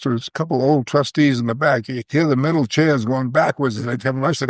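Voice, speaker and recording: A man's voice: medium pitch, normal speed, no echo. Folksy older Maine man, dry sound. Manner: folksy, anecdotal, trailing off quietly. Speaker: guest, veteran fishing guide. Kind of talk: storytelling interview.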